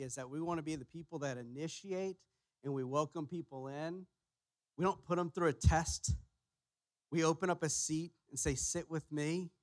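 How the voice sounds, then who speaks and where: A man preaching a sermon as pastor, emphatic, repeating his key phrases and pushing louder on each point. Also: fairly high pitch, no room sound. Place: church sanctuary.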